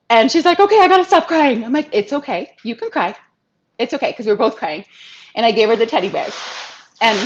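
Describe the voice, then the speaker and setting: A woman's voice: medium pitch, a little hiss or hum. A woman in her thirties, an interview guest telling a personal story in a heartfelt, chatty way. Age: 30s. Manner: heartfelt, chatty, quotes others in lively voices. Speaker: interview guest, financial advisor. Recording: dull lo-fi sound.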